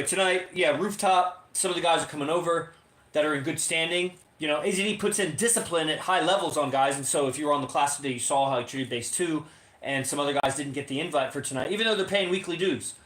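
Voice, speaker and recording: A man's voice: high-pitched, fairly bright tone. A man co-hosting a podcast, talking in a rambling, profane, casual livestream monologue full of fillers, from his home. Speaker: podcast co-host. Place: home in Las Vegas. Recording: roomy echo.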